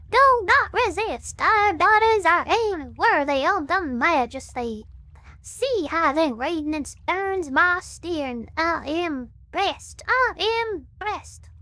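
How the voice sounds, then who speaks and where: A man through a voice changer voicing a fervent male Southern cult preacher, drawn out slow and booming like a sermon. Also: animated, sharp tone, no room sound, full character voice.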